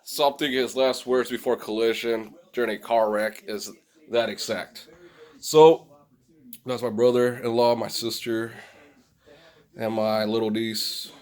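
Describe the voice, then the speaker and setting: A man's voice: mid-range voice, flat delivery, measured pace, darkish tone. A man from Phoenix, rambling and swearing freely as he talks to his own camera at home. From Phoenix, Arizona. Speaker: vlogger touring his house. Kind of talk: rambling casual monologue to camera. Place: indoors at home. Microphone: own camera set up in the room.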